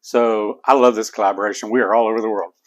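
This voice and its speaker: A man's voice: fairly low pitch, steady tone, quick pace. Chatty folksy man with an Appalachian drawl. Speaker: cooking channel host. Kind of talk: casual cooking vlog talk. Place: home kitchen.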